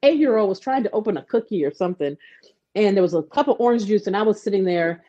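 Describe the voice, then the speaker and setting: Animated mother telling stories, mellow tone. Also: medium pitch, quick pace, highs cut off. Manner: animated storyteller, acts out quotes. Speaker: guest. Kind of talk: casual conversation.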